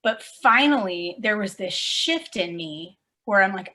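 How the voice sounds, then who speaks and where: A woman in her thirties speaks as an interview guest, a teacher who is passionate and easily moved. She talks casually and with animation, in a middle-pitched voice. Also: measured pace, hardly any pauses. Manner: passionate, emotional, animated, says "dude".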